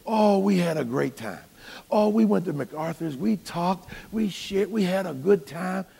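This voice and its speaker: A man's voice: sits high, sing-song, fairly quick, gravelly, a little mellow, slightly rough, voice pushed up, heavily acted. A man doing a gushing church lady. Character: gushing churchgoing woman, excited and chatty.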